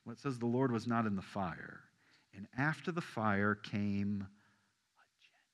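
A man preaching a sermon to a congregation, asking them questions and swinging from loud emphasis down to soft, hushed lines. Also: fairly low pitch, unhurried, in a large hall. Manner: animated, rising loud for emphasis then dropping soft. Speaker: pastor.

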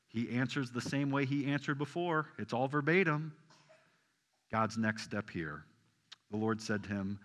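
A man preaching a sermon to a congregation, asking them questions and swinging from loud emphasis down to soft, hushed lines. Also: medium pitch, measured pace, big-room sound. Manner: animated, rising loud for emphasis then dropping soft. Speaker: pastor.

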